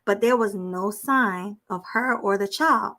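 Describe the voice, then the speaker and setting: A woman's voice: medium pitch, unhurried, a bit bright. A woman co-hosting a podcast, reading a news story aloud and chatting bluntly, laughing often. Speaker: podcast co-host.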